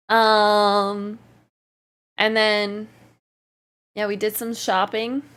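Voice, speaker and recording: A woman's voice: medium pitch, creaky. A woman livestreamer chatting casually, reading out and answering her chat while often laughing. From Canada.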